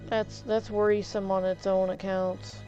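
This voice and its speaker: A woman's voice: mid-range voice, little pitch movement, a little slow, mellow, highs cut off, faint music behind. A woman livestreamer chatting casually while gaming, indignant and heated, often stumbling over repeated words.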